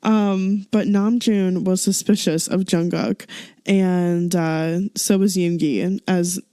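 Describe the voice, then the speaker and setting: Woman, podcast co-host, chatty recap, warm mellow tone, dry close sound. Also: lowish voice, steady tone, slow, smooth, dry recording. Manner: chatty, giggly, acts out quotes. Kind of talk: casual recap of a variety show.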